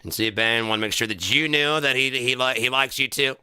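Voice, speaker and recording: A man's voice: medium pitch, brisk, bright, forceful tone, smooth, no room sound, studio quality. A man ranting sarcastically and profanely, mocking people and slipping into put-on voices. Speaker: comedic commentator. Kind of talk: sarcastic solo rant.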